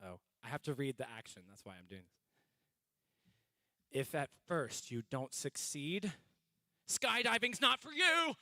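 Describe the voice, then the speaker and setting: A man's voice: medium pitch, animated, takes it slowly, long pauses, studio quality. A man co-hosting a church live stream, joking and teasing, then reading announcements as a mock newscaster. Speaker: co-host of a church livestream. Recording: long hall reverb.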